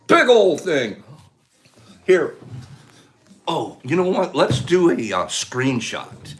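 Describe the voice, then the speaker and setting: An older American man hosting a casual livestream, chatting playfully with viewers and breaking into excited shouts. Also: takes it slowly, faint music behind. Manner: playful, jokey, swings from low mumbles to excited shouts. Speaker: host of a mushroom livestream.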